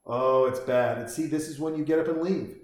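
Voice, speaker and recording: A man's voice: medium pitch, brisk. Rambling, profane man in an echoey room. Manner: rambling, profane, jokey, acts out quotes. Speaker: commentator reacting to a film. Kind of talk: casual reaction commentary. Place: home room.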